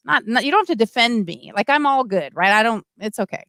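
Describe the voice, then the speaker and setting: Chatty, animated woman livestream host. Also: high-pitched, a little fast, few pauses, no echo. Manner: chatty, animated, many restarts and asides. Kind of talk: casual livestream talk, reading comments.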